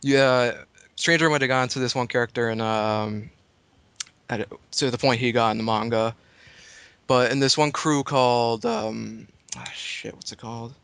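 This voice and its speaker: A man's voice: medium pitch, measured pace, creaky, a bit bright, clear, resonant tone, no room sound. A man in a casual podcast chat who explains things at length in a rambling, hesitant way.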